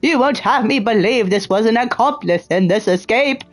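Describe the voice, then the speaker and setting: Woman reading game text with lively drama. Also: fairly high pitch, normal speed, soft background music. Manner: dramatic reading broken by sarcastic, profane asides. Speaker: streamer. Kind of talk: gameplay commentary, reading game text aloud.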